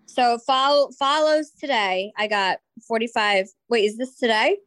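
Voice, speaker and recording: A woman's voice: on the high side, a little slow, fairly bright tone, no room sound. A young woman co-hosting a podcast, blunt and teasing in casual chat. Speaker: podcast co-host.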